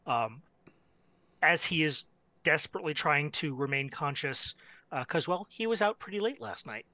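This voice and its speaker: A man with a bright, forward voice, pitched a touch high, talking through his character's morning as a tabletop player. The sound is close and dry. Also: no echo.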